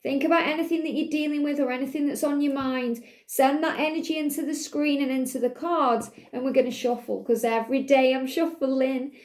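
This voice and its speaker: A woman's voice: high voice, steady tone, a little fast, few pauses, darkish tone, reverberant. A woman doing a guided card reading for viewers, speaking in a soothing, repetitive way and addressing the listener directly. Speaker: tarot card reader.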